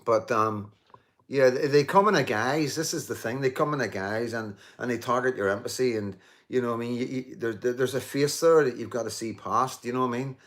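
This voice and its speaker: A fifties-aged man reads viewer comments on his casual live stream, bantering and swearing with commenters. He has a mid-range, slightly bright voice and speaks a little fast. His talk is emphatic and repetitive, with many restarts and plenty of "you know."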